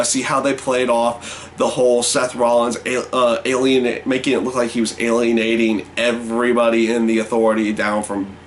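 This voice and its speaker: A man giving a casual spoken review of a wrestling show, halting, full of fillers and restarts. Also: medium pitch, a bit bright, a little hiss or hum.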